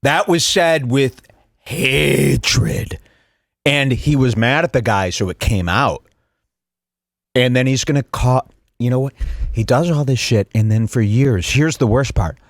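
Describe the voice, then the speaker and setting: A man's voice: mid-range voice, moderate pace, dry recording. A man hosting a podcast, commenting heatedly and mockingly and swearing freely. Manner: animated, mocking, swears freely, swings between loud and muttered. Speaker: podcast host.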